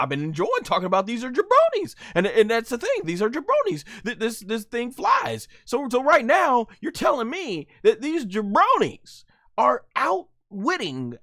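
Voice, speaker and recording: Animated man reviewing anime, lively voice. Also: very high-pitched, no echo, clean studio sound. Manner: animated, exasperated, repetitive. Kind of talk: live episode review commentary.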